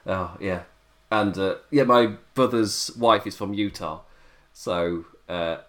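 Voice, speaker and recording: A man's voice: sits low, slow pace, fairly bright tone. A man with an English accent, chatting casually about wrestling as a podcast co-host, laughing often as he rambles. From England.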